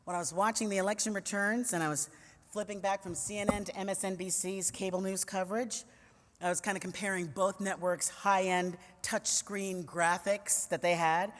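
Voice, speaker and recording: Woman, fifties, from New York City, witty storytelling talk, playful asides, medium pitch, long hall reverb. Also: steady tone, normal speed. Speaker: commentator and conference speaker. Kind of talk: humorous personal storytelling talk. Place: large conference hall.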